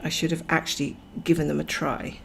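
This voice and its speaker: A woman's voice: sits low, level tone, fairly quick, vocal fry, a bit bright, slight background noise. A woman hosting a cross-stitch livestream, chatting casually and rambling while she greets viewers by name and laughs often.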